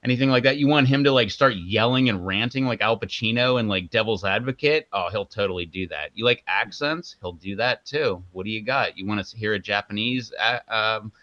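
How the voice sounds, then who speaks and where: A man's voice: fairly low pitch, a little fast, few pauses, sharp tone, no room sound. A man co-hosting a casual live stream, rambling and joking as he hypes up his co-host. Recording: dull lo-fi sound.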